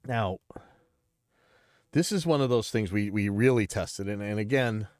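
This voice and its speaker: A man hosting a casual livestream, talking bluntly and rambling with restarts, a bit stuffy and clearing his throat. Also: on the low side, unhurried, darkish tone, dry recording, studio quality. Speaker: livestream host.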